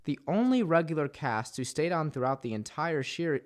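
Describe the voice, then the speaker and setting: Man, script read-through, stumbles and apologizes, animated pitch. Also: brisk, hardly any pauses, loud music behind the voice. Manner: stumbles over words, apologizes and rambles. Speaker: voice actor reading narration.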